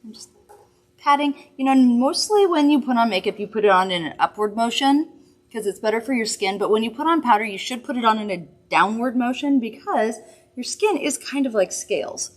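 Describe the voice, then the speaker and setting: A woman's voice: fairly high pitch, expressive, fairly quick. Upbeat woman doing a live makeup demo, talks you through every step, keeps saying don't worry. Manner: chatty, upbeat and reassuring. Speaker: makeup host. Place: studio.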